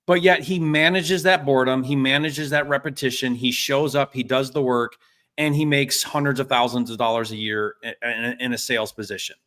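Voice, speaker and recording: A man telling a story in a casual business chat, animated and acting out the quotes. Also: medium pitch, a little fast.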